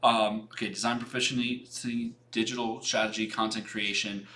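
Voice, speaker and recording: A man's voice: on the low side, little pitch movement, moderate pace, sharp tone. A young man hosting a design livestream, giving frank, rambling portfolio feedback with many restarts and some casual swearing.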